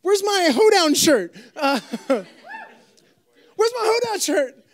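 A man's voice: extremely high pitch, very animated, very slow, voice pushed up, full character voice. A man doing a whiny teenager calling out. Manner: whiny, pleading. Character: whiny teenager yelling for parents.

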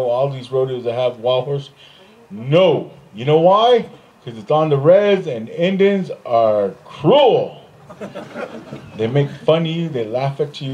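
A man doing stand-up comedy, telling a long story on stage and jumping into high, put-on voices for the other people in it. He laughs often at his own jokes. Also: mellow, dull audio. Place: stage in front of a live audience.

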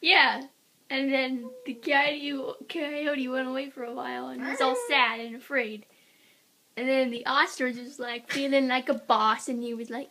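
Slow, high-voiced young woman telling a story. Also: fairly even intonation. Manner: rambling, giggly storytelling. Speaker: vlogger. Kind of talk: telling a shadow puppet story. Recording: noisy home video.

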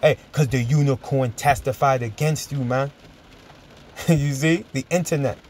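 A man preaching and teaching from scripture, emphatic and chuckling, drawing out verses slowly as he reads. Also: medium pitch, darkish tone, a little hiss or hum. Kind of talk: sermon-style Bible teaching.

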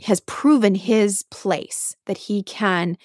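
A woman hosts a podcast, retelling an old myth in a chatty, animated way and breaking off for asides to the listener. Her voice sits at an ordinary pitch on a close mic, and the recording is dry. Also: slow pace, dry recording. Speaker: podcast host.

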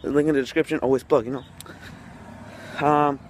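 A young man vlogging outdoors while walking down a city street, telling a story in excited slang and calling his viewers bro. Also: medium pitch, normal speed, a little hiss or hum. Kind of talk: casual vlog chat.

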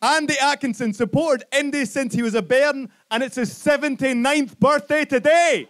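A man's voice: extremely high pitch, normal speed, a bit bright. A man with a Scottish accent, compering a rally with chatty, jokey announcements.

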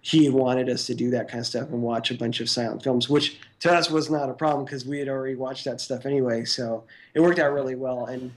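Guest animator, man, casual and rambling, mid pitch, storytelling. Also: steady tone, fairly quick, few pauses. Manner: rambling, full of "like" and "you know". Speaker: guest stop-motion animator. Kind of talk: casual interview recollection.

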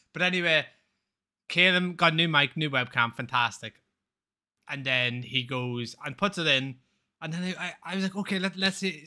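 A man's voice: medium pitch, pushed and bright. A man chatting casually on a live game stream, rambling, swearing freely and laughing often.

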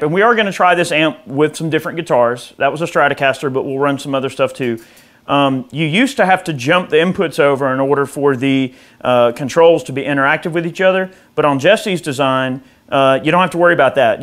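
A man with a slightly raised voice walks through a piece of gear in a relaxed, off-the-cuff demo. His talk is loose and rambling, with frequent fillers and restarts. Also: fairly high pitch. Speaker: host of a guitar gear channel.

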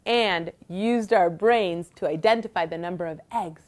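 A woman hosting a bilingual children's lesson, speaking in an encouraging sing-song way. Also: on the low side. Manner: slow, lively, encouraging sing-song delivery. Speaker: children's teacher host.

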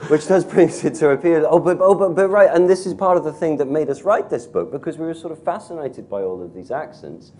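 A man's voice: on the high side, lively intonation, a little mellow, slight background noise. Chatty joking man. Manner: chatty, joking, quick quips. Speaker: co-presenter. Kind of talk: online talk with a co-presenter.

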